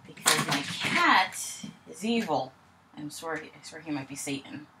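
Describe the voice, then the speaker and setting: A woman's voice: low voice, lively intonation, moderate pace, background noise. A woman in casual, playful chat as a co-host on a home microphone.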